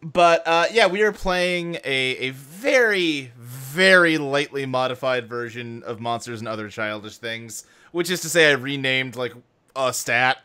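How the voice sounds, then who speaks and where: Male game master host, rambling self-deprecating banter, bright crisp voice. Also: medium pitch, a little slow. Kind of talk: casual podcast banter.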